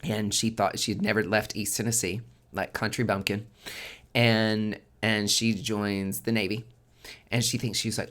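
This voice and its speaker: A man hosting a casual tarot forecast, chatty and expressive, swearing freely and swinging between loud emphasis and soft near-whispers. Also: lowish voice, moderate pace. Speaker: tarot reader and podcast host.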